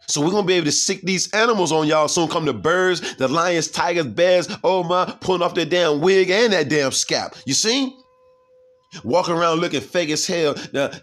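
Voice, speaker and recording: This man's voice is fairly high and a bit bright. He preaches from scripture in a heated, profane way, reading verses aloud and then commenting on them. Again and again he breaks in to ask his listeners, "you see?"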